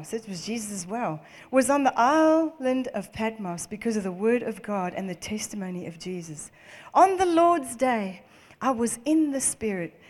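A woman preaching a sermon, reading scripture aloud and commenting on it in an animated way, laughing often and repeating phrases for emphasis. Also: mid-range voice, in a large hall.

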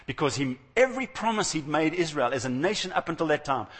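A man's voice: fairly high pitch, expressive, fast, a bit bright, breathy edge. A man preaching a sermon in a conversational, storytelling way, acting out the voices of the people he quotes. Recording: long hall reverb.

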